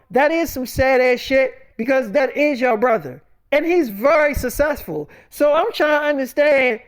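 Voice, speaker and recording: A woman telling a story casually, in a profane and emphatic way. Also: high-pitched.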